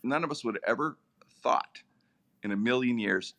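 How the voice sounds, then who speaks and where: A middle-aged man, a radio personality, telling comic stories in a lively, animated way. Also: normal speed. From Pittsburgh area, USA. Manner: lively, comic, with big swings in pitch. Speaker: radio personality and podcast host, guest. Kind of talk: animated storytelling.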